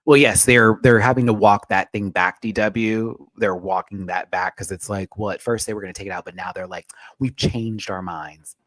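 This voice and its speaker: A sassy, slangy man hosts a casual livestream in a somewhat low voice. He swings between hushed asides and loud, emphatic pleas. The sound is dry and close. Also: steady tone, moderate pace, dry recording. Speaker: host.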